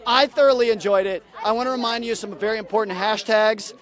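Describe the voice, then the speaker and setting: A male host with a high voice, jokey and rambling, teasing himself as he interviews live. He speaks outdoors on a backyard set. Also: steady tone, fast, a bit bright. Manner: jokey, rambling, self-deprecating.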